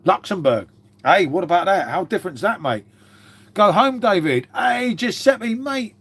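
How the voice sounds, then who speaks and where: A man's voice: high voice, expressive, a little slow, a bit bright, husky. A middle-aged man chatting casually on a live stream, rambling and swearing, calling everyone mate, unwell with a cough. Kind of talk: casual live-stream chat reading viewer comments.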